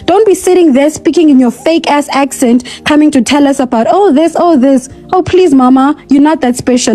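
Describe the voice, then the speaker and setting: This woman argues on a live-stream panel in a combative, scolding way, with sassy slang. Her voice sits a little high but sounds mellow and warm rather than bright. She comes through a phone mic. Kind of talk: heated live-stream debate.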